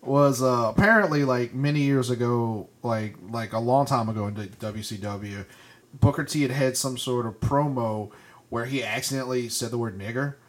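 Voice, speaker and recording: A man co-hosting a podcast, telling a story in casual chat, getting louder and higher as it builds. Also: normal speed. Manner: animated storyteller, gets loud and high when retelling. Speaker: podcast co-host. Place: podcast studio.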